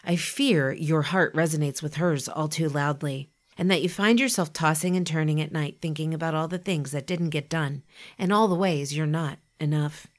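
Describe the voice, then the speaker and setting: A woman giving a scripted motivational talk, speaking in a lively, emphatic and conversational way. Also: low-pitched, moderate pace. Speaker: inspirational podcast speaker.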